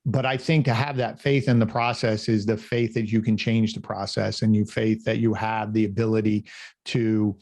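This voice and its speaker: A man's voice: fairly low pitch, level tone, moderate pace, darkish tone. A man hosting an interview podcast, talking with enthusiasm and asking wrap-up questions. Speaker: podcast host. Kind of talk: interview conversation.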